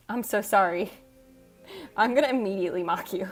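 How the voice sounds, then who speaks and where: A woman hosting a casual livestream, reading chat aloud and teasing viewers with frequent laughs. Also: medium pitch. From United States. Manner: teasing, quick, laughs often. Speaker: livestream host. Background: soft background music.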